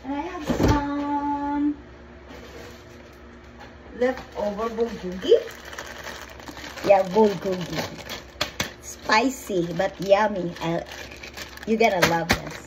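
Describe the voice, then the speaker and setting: Middle-aged woman, home cooking vlogger, unhurried and chatty, noisy kitchen with chopping behind her. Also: mid-range voice. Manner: chatty, meandering, repeats herself. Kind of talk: casual cooking vlog. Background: chopping and pan sounds.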